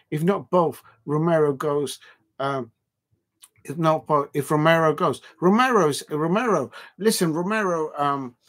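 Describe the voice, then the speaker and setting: A man hosting a live football watch-along, bantering with his viewers, rambling with lots of fillers and restarts, and his voice jumps up whenever he protests. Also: a little high. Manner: animated football banter, voice jumping up when protesting. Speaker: livestream watch-along host. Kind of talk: casual livestream chat reading out viewer comments.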